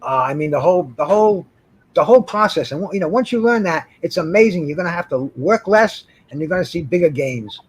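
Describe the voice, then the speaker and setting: A man with a high, husky voice joins a relaxed group conversation as a panelist. He speaks in halting bursts, often repeating words and restarting his sentences. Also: rough recording. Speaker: guest panelist. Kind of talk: casual group chat.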